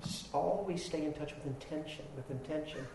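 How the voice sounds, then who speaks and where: A man's voice: on the high side, moderate pace, darkish tone, a little hiss or hum. Man telling a story in an echoey hall. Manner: storytelling, self-deprecating, laughing at himself. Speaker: meditation teacher. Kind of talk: dharma talk with personal story.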